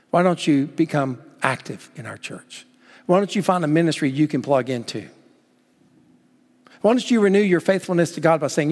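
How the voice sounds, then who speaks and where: A man preaching a sermon as pastor, urging his listeners on and telling a story in lively acted quotes. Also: on the high side, fairly quick. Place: church sanctuary. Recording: long hall reverb.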